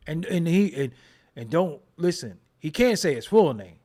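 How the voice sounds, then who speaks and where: A man's voice: sits high, wildly swooping pitch, a little slow, long pauses, darkish tone. A man hosting a casual commentary show, joking and riffing in slangy with frequent laughs. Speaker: host.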